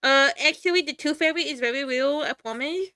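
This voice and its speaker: Playful high-pitched woman streamer. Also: brisk, bright, forceful tone, no room sound, clean studio sound. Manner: playful mock-angry banter with frequent laughs. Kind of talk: casual livestream chat.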